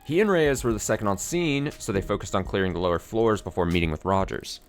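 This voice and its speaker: A man's voice: fairly low pitch, fast, hardly any pauses, soft background music. A man streaming a game, reading along and adding loose, joking asides. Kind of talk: casual game commentary.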